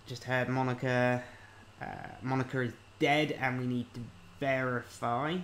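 A man casually commenting on a video game as he plays, reading the on-screen text aloud and thinking out loud. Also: mid-range voice, level tone, measured pace, hardly any pauses, slight background noise. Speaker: let's-play host.

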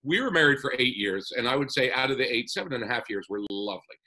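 This podcast guest has a mid-range voice that sounds pushed and bright, and he speaks quickly and with animation. He casually rambles through a personal story packed with "uh" fillers and little chuckles, captured on a low-quality recording.

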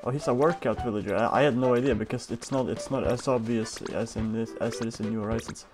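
A man giving casual, playful, chatty commentary while playing a cartoon life-sim game, easily excited and swearing freely. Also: mid-range voice, fast. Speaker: gaming streamer. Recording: game music behind.

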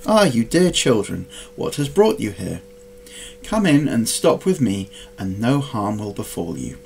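A man's voice: fairly low pitch, very animated, unhurried, creaky, a little mellow, slight background noise, exaggerated voice. A man reading a storybook aloud and voicing a scolding, wicked old female witch. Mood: coaxing. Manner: scolding, impatient.

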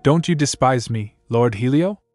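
A man narrating a drama recap in a mid-pitched, steady voice. He reads every character's lines in the same plain tone without putting on voices. The recording is dry and close, with soft background music. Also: normal speed, no room sound. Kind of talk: scripted story narration.

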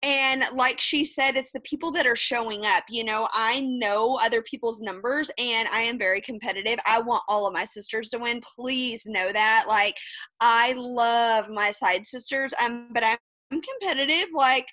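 A woman's voice: fairly high pitch, bright, forceful tone, dry recording. A woman, giving a fired-up, candid motivational talk as a guest on a video call, swearing freely. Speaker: guest speaker.

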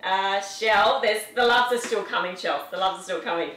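A woman speaks at normal speed in a mid-range, slightly bright voice. Leading a live workout as a fitness instructor in her home studio, she counts out reps with upbeat encouragement, captured by a distant mic in an echoey room.

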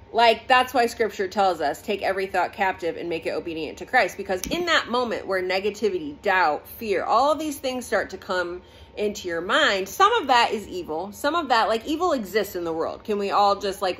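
A woman's voice: mid-range voice, a bit bright. Chatty woman rambling with fillers. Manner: rambling, conversational, frequent fillers. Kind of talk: casual faith vlog monologue. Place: home bathroom.

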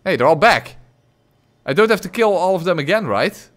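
Dutch guy streaming games, kinda high voice, chatty and jokey, yelps when stuff goes wrong. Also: lively intonation, moderate pace. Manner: jokey, reacts loudly to the game. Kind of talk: live gameplay stream, reading chat.

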